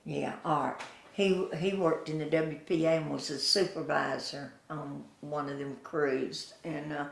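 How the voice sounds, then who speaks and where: An older Southern woman with a low, gravelly voice and fairly even intonation tells folksy stories in an oral history interview, recorded in an echoey room. She speaks slowly, chuckling as she goes and acting out the voices of the people she quotes.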